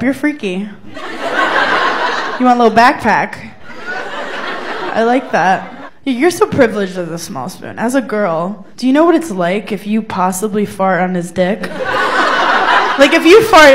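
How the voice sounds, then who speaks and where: A woman stand-up comedian in her thirties teasing the audience with brash, quick banter on a club stage. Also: on the high side. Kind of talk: stand-up crowd work. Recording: live club recording with crowd noise. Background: audience laughter and noise.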